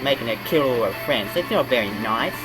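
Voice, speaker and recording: A man's voice: medium pitch, lively intonation, brisk, over music, poor audio. An Australian man hosting a reaction video, groaning and exclaiming in outrage at what he watches. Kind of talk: casual reaction commentary.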